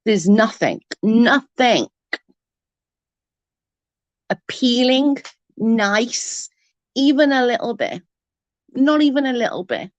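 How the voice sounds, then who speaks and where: A woman's voice: on the high side, big pitch swings, slow, long pauses, no room sound, muffled recording. Blunt, foul-mouthed woman ranting. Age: 30s. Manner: blunt, profane, mocking. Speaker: online drama commentator. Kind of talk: ranting live-stream chat.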